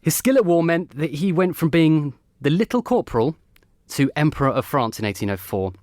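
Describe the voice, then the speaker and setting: A man's voice: a little high, very animated, brisk, darkish tone, no echo. Guy hosting a history chat, bouncy up-and-down voice, dry close mic. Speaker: host.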